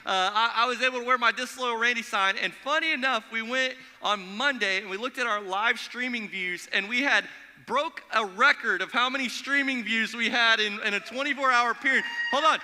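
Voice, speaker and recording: Guy pastor giving a lively chatty sermon, super bright tense voice, big church echo. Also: very high voice, normal speed. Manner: energetic, conversational storytelling. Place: church sanctuary. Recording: long hall reverb.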